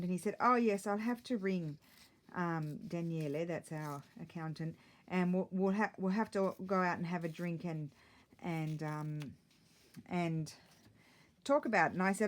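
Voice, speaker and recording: A woman's voice: on the low side, moderate pace. Chatty middle-aged woman, rambling. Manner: rambling, chatty, self-deprecating. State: a little out of breath. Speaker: crafting vlogger. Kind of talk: casual chat while crafting. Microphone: tablet camera mic.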